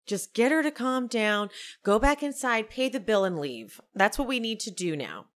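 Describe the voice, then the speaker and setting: A woman podcast host with a fairly high voice recaps reality TV at a moderate pace. Her casual recap chat is gossipy and animated, and she laughs often as she tells the story.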